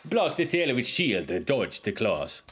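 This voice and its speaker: A man's voice: medium pitch, very animated, measured pace, a bit bright, slightly rough, heavily acted. A man voicing a proud spear-fighting warrior woman in broken English with a wandering put-on accent. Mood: warning. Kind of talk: reading game dialogue aloud in character.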